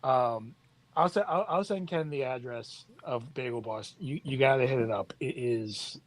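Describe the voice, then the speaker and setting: A male caller from Queens, speaking with a New York accent, talks at a middling pitch. He stammers and restarts in friendly chat, heard dry and close. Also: normal speed, no room sound. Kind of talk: casual chat.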